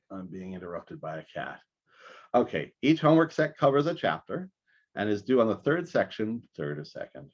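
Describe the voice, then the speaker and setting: A man teaching a math class over a recorded video call, talking in a halting way with many restarts. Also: on the low side, slightly rough, lo-fi sound. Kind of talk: recorded online class lecture.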